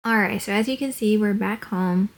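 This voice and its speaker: A woman's voice: medium pitch, normal speed, slight background noise. A woman vlogging at home on a handheld camera, chatty, prompting her daughter with questions. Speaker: family vlogger, single mom. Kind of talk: casual chat.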